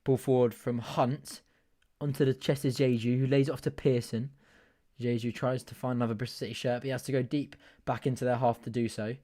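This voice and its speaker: Hosting a live football watch-along, a man describes the match in a casual, chatty way. His medium-pitched voice moves fairly quickly, and he gets excitable, laughing often as he breaks off to talk to viewers.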